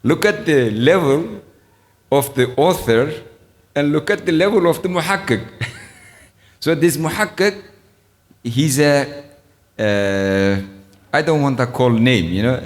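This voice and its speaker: A middle-aged man giving an ethics lecture, speaking in a halting way with frequent pauses and soft chuckles. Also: medium pitch, expressive. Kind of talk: Islamic ethics lecture retelling a story. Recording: long reverb of a lecture hall.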